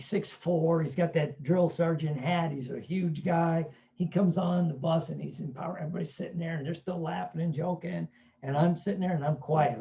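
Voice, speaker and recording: A man's voice: fairly high pitch, creaky, dark tone, muffled recording. A man giving a casual self-help talk, telling stories in a chatty way and often asking "right?". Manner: chatty, keeps asking "right?", acts out quoted voices.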